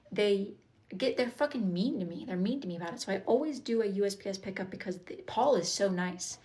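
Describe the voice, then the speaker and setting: A woman's voice: medium pitch, poor audio. A woman chatting casually on a live stream, stressed and blunt, rambling and swearing as she reads comments. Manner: repeats herself, restarts sentences. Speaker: TikTok live streamer, wood-burning artist.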